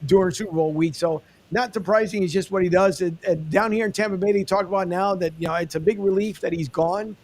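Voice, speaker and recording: A man's voice: sits high, fairly even intonation, fairly quick, few pauses. A man hosting a sports podcast, sharing rambling opinions in an easygoing way. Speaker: podcast host. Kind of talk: casual podcast chat.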